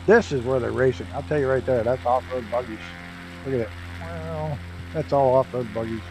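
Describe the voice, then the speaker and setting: A man's voice: mid-range voice, normal speed, over music, low-quality recording. A man chatting casually while streaming a flight simulator, telling profane racing stories and laughing often.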